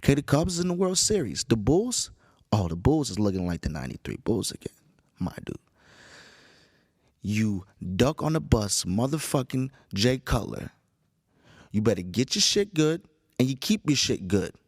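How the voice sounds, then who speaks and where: A tired, groggy man hosting a casual solo podcast, rambling with profanity and animated storytelling. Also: mid-range voice, moderate pace, husky, dry recording, clean studio sound. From Chicago area. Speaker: podcast host.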